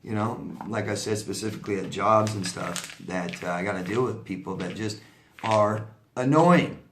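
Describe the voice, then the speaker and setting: A man's voice: lowish voice, moderate pace, roomy sound, background noise. A man giving casual, blunt advice as a life coach, talking in a loose conversational way and repeating his points with asides.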